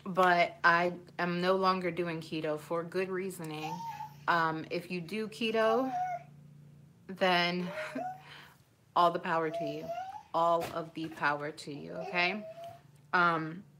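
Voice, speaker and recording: A woman's voice: lowish voice, slow pace, long pauses, noisy background. A woman in her twenties chatting on a live stream from home into her phone, rambling and emotional, often breaking off mid-thought. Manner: rambling, emotional, self-interrupting. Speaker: vlogger. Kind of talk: casual live-stream chat.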